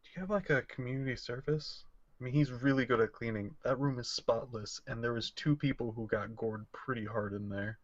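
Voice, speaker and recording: A man's voice: mid-range voice, fairly quick, dry recording. A man playing in a tabletop role-playing game, talking casually in a hesitant, playful way. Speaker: player. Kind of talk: casual role-play chat. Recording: dry, muffled lo-fi voice chat.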